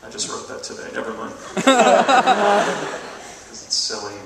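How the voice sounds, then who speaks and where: With a high-sitting voice and slow delivery, a comedian does an animated stand-up set in a college auditorium, leaping from bit to bit in mock outrage. Crowd noise and laughter fill the echoey hall, recorded from a distance.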